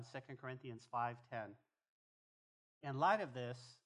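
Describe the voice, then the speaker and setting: A man preaching a sermon as pastor, emphatic and animated, often repeating phrases as he drives a point home. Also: medium pitch. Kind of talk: expository sermon.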